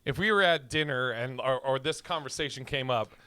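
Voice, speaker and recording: A man's voice: medium pitch, brisk, pushed and bright, smooth, no echo. A man co-hosting a podcast, chatting casually, swearing freely and acting out little scenes with laughs. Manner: swearing, laughing, acts out voices in anecdotes. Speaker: podcast co-host. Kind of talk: casual chat.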